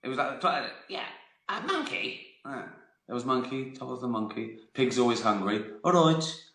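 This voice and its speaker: This man, somewhere in his fifties, hosts a live stream and spins meandering anecdotes in a medium-pitched, expressive, slightly bright voice at normal speed. Frequent laughs and free swearing run through the casual storytelling, and the audio has a roomy echo.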